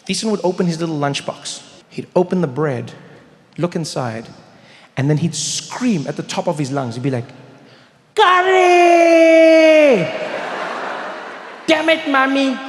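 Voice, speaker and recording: A man from South Africa doing a stand-up routine, telling a story in an animated way and building up to excited shouts. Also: a little high, moderate pace. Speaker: stand-up comedian. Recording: echoey hall with long reverb.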